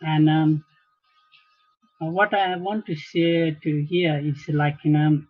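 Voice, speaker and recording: Halting man guest on a tinny line. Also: a little high, flat delivery. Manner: halting, searching for words, many restarts. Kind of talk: casual interview talk.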